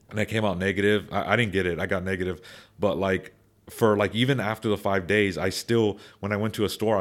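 A young man chatting casually on a podcast, rambling with many restarts and repeated words, now and then turning animated. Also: lowish voice. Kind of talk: casual opinion chat.

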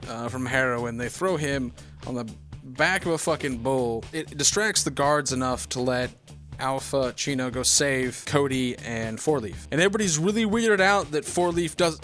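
A man's voice: mid-range voice, fairly bright tone. Profane rambling man recapping a movie. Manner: rambling, swears a lot, acts out quotes in silly voices.

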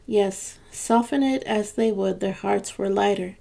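Woman narrator, storybook reading, gentle and measured, vocal fry. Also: mid-range voice. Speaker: podcast narrator. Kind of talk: storybook reading of a classic tale.

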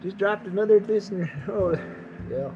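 A man's voice: high voice, moderate pace, highs cut off, noisy background. A man rambles through his own podcast in a loose, casual way. He jokes at his own expense and wanders from one thought to the next. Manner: joking, self-mocking, jumps into put-on voices. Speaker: podcast host.

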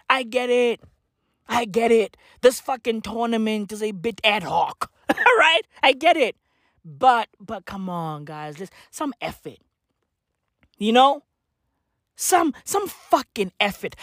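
A woman's voice: fairly high pitch, dry recording, clean studio sound. A woman giving a mocking, profane sports rant, laughing often and repeating herself in exasperation. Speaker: sports commentator.

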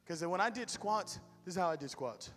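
A man's voice: high voice, expressive, fairly quick, a bit bright, big-room sound, faint music behind. A man preaching a sermon with humor, telling stories animatedly to his church. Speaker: pastor. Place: church hall with music.

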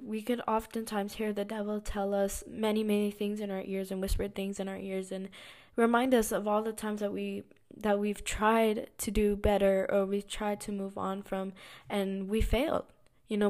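A woman speaks in a relaxed, personal vlog about her faith. Her voice sits at an ordinary middle pitch, and she talks earnestly, circling back and repeating phrases to stress a point. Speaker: vlogger sharing a faith reflection. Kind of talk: casual devotional talk.

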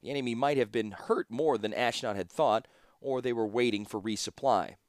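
A man giving scripted audiobook narration in a steady storytelling manner. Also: mid-range voice, normal speed, no echo, studio quality.

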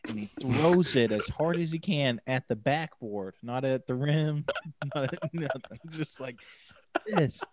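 A man co-hosting a podcast in casual chat, telling stories in a deadpan way. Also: medium pitch, a little slow, noisy background. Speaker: podcast co-host.

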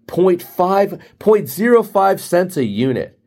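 A man's voice: high-pitched, very animated, slow pace, a little mellow, pitched above the performer's own voice, heavily acted. A man voicing an overeager male salesman who keeps pushing to close the deal. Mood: eager pitch. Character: pushy fast-pitching adult male salesman.

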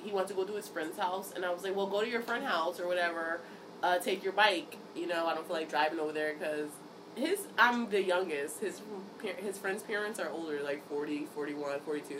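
Woman host, 30s, lively storyteller who swears a lot, recorded from a distance with hiss. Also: fairly low pitch. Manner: animated storytelling, acts out quotes, laughs often, swears freely. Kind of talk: casual chat. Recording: distant mic, noisy background.

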